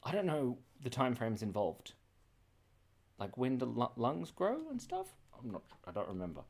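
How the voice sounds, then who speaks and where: A man's voice: medium pitch, big pitch swings, moderate pace, gravelly, darkish tone. An Australian man hosting a live drawing stream, chatting in a scattered, rambling way, laughing often and reacting to chat messages. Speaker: livestream host drawing and reading chat.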